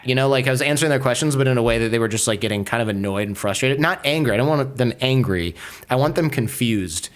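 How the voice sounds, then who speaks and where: Man, podcast guest, casual storytelling, animated, mid pitch. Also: quick pace. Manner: animated, acts out quoted voices, many filler "like"s.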